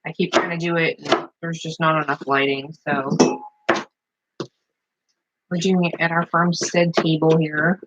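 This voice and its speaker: A woman's voice: low-pitched, little pitch movement, unhurried, long pauses, highs cut off, very noisy. A woman chatting casually as she shows a recipe at her farmhouse table, rambling with plenty of fillers. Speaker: home cook vlogger. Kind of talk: casual cooking demonstration.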